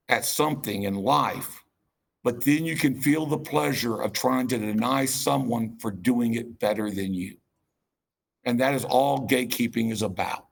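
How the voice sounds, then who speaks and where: Gravelly raspy guy giving a fired-up rambling keynote, self-deprecating. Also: mid-range voice. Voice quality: gravelly, husky. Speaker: keynote speaker. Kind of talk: conference keynote talk.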